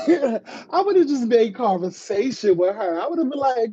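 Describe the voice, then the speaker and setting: A woman hosting a live stream, chatting casually about online drama, reading viewer comments and slipping into high mocking voices to act scenes out. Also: very animated, moderate pace, dark tone, slightly rough, no echo. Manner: chatty, slangy, reads viewer comments aloud. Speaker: livestream host. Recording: dull lo-fi stream audio.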